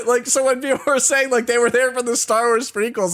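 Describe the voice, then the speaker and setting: A man in his thirties, a streamer, tells his chat a rambling story stuffed with filler words and frequent laughter. His voice is very high and fairly bright, moving a little fast, with faint music behind him.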